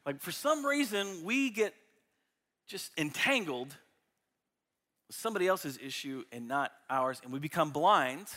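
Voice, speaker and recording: Guy preaching, bright sharp voice, jokey and animated, big reverb like a church hall. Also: a little high, measured pace, long pauses. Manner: animated, jokey, acts out illustrations. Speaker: pastor. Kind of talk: sermon.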